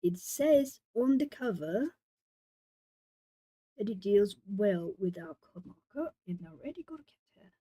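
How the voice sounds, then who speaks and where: A woman's voice: medium pitch, animated, measured pace, dark tone, husky, dry recording. Chatty Brazilian woman with a dry sound. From southern Brazil. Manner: chatty, thinking aloud, answers viewer chat. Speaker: art streamer. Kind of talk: casual chat while coloring.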